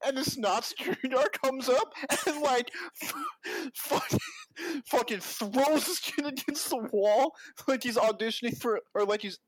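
A man's voice: very high voice, normal speed, dry recording. A young man telling work stories in a casual podcast chat, laughing often and swearing freely. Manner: profane, laughing, slangy storyteller. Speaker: podcast guest.

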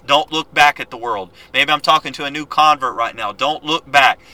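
A man teaching a Bible lesson, reading scripture aloud and exhorting his listeners in an earnest, quick-paced way with frequent restarts. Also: fairly high pitch, pushed and bright, rough recording.

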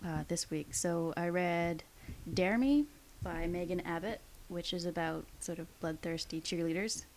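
A woman's voice: lowish voice, a little slow, a little mellow. A woman guest on a casual podcast, talking enthusiastically and hedging with fillers, over a faint hiss.

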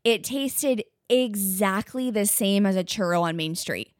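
A woman's voice: mid-range voice, a little slow, dry recording. Young woman cohost, chill chat, jumps in to agree, dry close mic. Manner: chiming in with short agreements. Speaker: podcast co-host. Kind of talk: casual chat.

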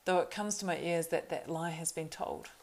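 A woman's voice: lowish voice, fairly even intonation, normal speed, darkish tone, lightly acted, poor audio. A woman voicing a proud young male horse-lord marshal in an audiobook reading, earnest and urgent. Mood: bitter, wary.

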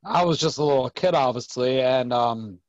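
A man's voice: medium pitch, dry recording, muffled recording. A man co-hosting a casual podcast, chiming in often with short, agreeing remarks. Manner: quick agreeing interjections. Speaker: podcast co-host.

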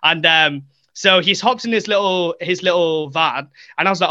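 Animated, bright-voiced young man telling stories. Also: sits high, normal speed, dry recording, muffled recording. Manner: animated, acts out quotes, many fillers. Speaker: podcast guest. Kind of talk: casual storytelling.

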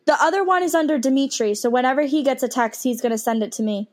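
A woman's voice: high-pitched, fast. A young woman co-hosting a podcast, chatting casually with friends, swearing freely and hiccuping. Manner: chatty, swears freely, reads posts aloud. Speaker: podcast co-host. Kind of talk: casual chat. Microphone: headphones with mic.

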